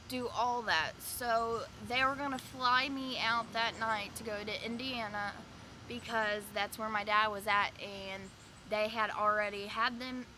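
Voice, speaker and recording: A woman's voice: fairly high pitch, sharp tone, a little hiss or hum. A young woman vlogger telling her own life story in a loose, rambling way, full of fillers and quoted conversations. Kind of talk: casual personal storytelling.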